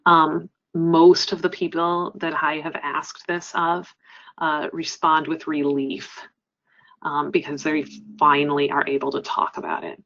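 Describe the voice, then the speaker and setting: A woman's voice: sits low, unhurried, vocal fry, a bit bright, muffled recording. Earnest woman presenting a webinar. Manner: earnest, explanatory, frequent ums. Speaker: crisis center trainer.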